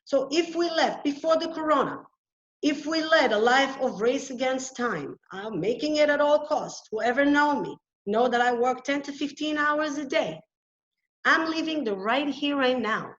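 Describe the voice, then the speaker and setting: A woman with a fairly high voice presents an online webinar. She explains things earnestly and often pauses or restarts a phrase. The sound is dull and lo-fi, like a video call microphone. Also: lively intonation. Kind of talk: lecture-style webinar talk.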